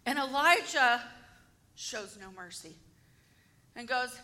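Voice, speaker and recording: A woman's voice: on the high side, slow. A woman teaching a Bible story to a group, acting it out dramatically and asking her listeners questions. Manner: animated, acts out the story and asks the audience questions.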